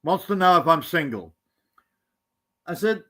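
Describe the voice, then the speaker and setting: Australian man, high-pitched, easygoing storyteller with a teasing edge. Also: expressive, a little slow, a bit bright. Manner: rambling, teasing anecdotes. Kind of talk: casual storytelling chat.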